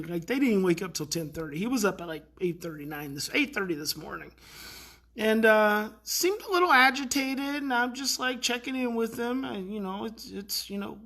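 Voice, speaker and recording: A middle-aged man, a parenting educator, tells a story in a casual, animated way and lets his voice rise to act out the kids' outbursts. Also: high-pitched, normal speed. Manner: animated, acts out kids' outbursts, many fillers.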